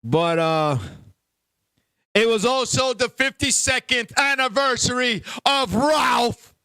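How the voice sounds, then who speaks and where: Fifty-something new guy, high voice, rowdy and animated, cussing a lot. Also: takes it slowly, clean tone, dry recording. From Puerto Rico heritage, New York. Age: 50s. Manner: loud, animated, profane storyteller. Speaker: podcast host. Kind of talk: casual banter.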